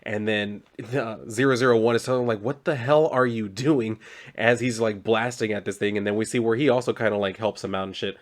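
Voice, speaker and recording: A man's voice: fairly low pitch, steady tone, fast talker, hardly any pauses. A man reviewing a comic book, retelling the plot in a loose, profane, casual way full of "like".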